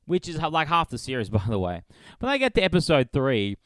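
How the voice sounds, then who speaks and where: A man's voice: fairly high pitch, wildly swooping pitch, fast talker, fairly bright tone, dry recording. A man hosting a solo comedy podcast, rambling and swearing as he laughs at his own jokes. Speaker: podcast host.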